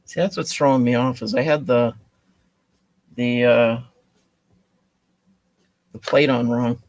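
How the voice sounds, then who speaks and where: A man's voice: mid-range voice, fairly even intonation, slow pace, dry recording. A man casually thinking aloud while assembling a kit, muttering to himself with self-deprecating asides. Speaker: kit builder streaming a build.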